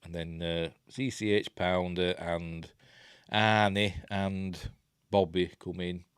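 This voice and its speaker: A Yorkshire man with a very low voice talks over a film in a loose, rambling way, tossing in jokey asides. The sound is close and dry, with no room around it. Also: steady tone, slow pace, clean tone, no room sound. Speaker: film reviewer. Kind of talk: casual film commentary.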